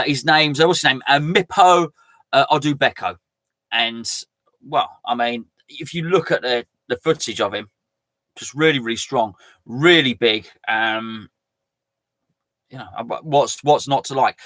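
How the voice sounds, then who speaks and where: A man's voice: mid-range voice, expressive, a little slow, a bit bright, no echo. A man hosting a live fan stream, talking casually in a chatty, rambling way. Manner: chatty, rambling, self-mocking. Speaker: fan channel host.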